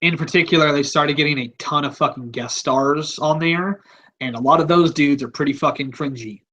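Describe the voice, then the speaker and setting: A man's voice: a little high, moderate pace, a bit bright, rough recording. A man hosting a podcast, talking in a rambling, offhand, casual way and swearing freely. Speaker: podcast host.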